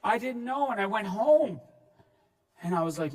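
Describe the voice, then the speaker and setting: High-voiced man telling stories in an echoey hall. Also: moderate pace, pauses often, far from the mic. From Newfoundland, Canada. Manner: animated, acts out voices, shouts punchlines. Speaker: keynote speaker. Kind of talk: comedic storytelling speech. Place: large hall before an audience. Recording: reverberant hall, speaker off-mic.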